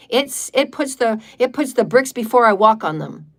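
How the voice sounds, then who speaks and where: Woman, fairly high voice, spiritual livestream leader, defiant and declarative, chant-like repetition, swears. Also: animated, normal speed, a bit bright. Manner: swears freely. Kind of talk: livestreamed guided meditation.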